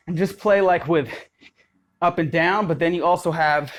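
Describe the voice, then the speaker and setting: A man's voice: fairly high pitch, moderate pace. A man teaching popping moves in a loose, rambling way, counting beats aloud. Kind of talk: casual spoken dance tutorial.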